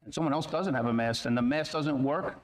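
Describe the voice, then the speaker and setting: A man's voice: medium pitch, a little fast. A man at a school board meeting, arguing his position insistently and repeating his points. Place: meeting room.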